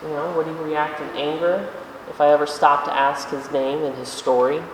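A preacher giving a conversational sermon in a church, asking rhetorical questions and slowing down for emphasis. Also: medium pitch, flat delivery, recorded from a distance, background noise. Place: church sanctuary. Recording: echoey hall, voice from afar.

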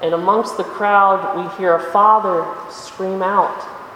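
A preacher giving a conversational sermon in a church, asking rhetorical questions and slowing down for emphasis. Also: medium pitch, steady tone, pushed and bright, recorded from a distance, slight background noise. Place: church sanctuary. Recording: echoey hall, voice from afar.

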